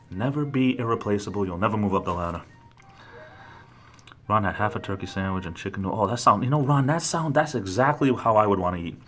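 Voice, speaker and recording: A man's voice: low-pitched, a bit bright. A man from the East Coast chatting casually on a livestream while he walks around at work, rambling and answering his viewers. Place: large building at work, walking around.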